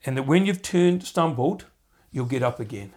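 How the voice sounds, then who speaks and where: A male podcast host with a medium pitch and normal speed teaches Bible passages earnestly and conversationally. He tends to repeat words, and he livens up when acting out quotes.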